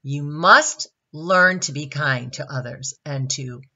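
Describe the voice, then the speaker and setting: A woman's voice: deep voice, takes it slowly, pushed and bright, lo-fi sound, heavily acted. A woman voicing a stern, scolding sun that lectures a rude little tree in a children's storybook reading.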